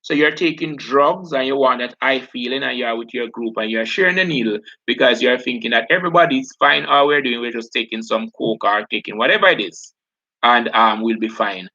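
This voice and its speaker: A man's voice: mid-range voice, brisk, pushed and bright. A male teacher giving a live online class, chatty, laughing often and calling students by name. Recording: dull lo-fi sound.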